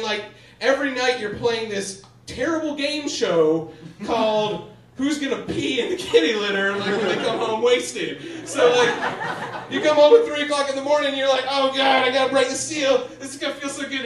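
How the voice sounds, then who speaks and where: A young man doing stand-up comedy, telling animated stories with sudden shouted bits on a theater stage. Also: extremely high pitch. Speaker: stand-up comic. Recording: echoey theater from a distance.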